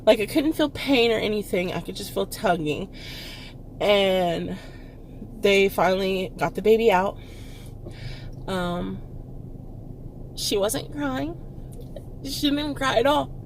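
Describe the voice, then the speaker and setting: A young woman from Texas, a vlogger, telling a personal story with halting fillers and nervous laughs, close to tears. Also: medium pitch, lively intonation, slight background noise. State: tearful, close to crying.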